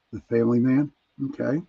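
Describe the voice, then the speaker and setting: Speaking at medium pitch with vocal fry, a man with a Pittsburgh accent reads listener responses on his casual radio chat show, chuckling in an easygoing manner. The audio sounds dull and lo-fi.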